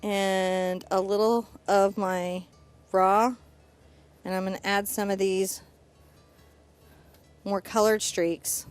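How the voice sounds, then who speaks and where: A woman's voice: medium pitch, level tone, takes it slowly, pauses often, smooth, faint music behind. A middle-aged woman teaching a live painting class, chatty and upbeat as she narrates each brushstroke. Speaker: painting instructor.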